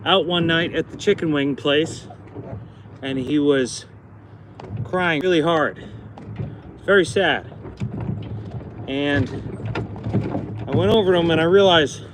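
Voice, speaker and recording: A man's voice: a little high, background noise. A man in his thirties chatting casually outdoors while fixing a fence, rambling and telling corny jokes between chores, recorded on a phone. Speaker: livestreaming farmer.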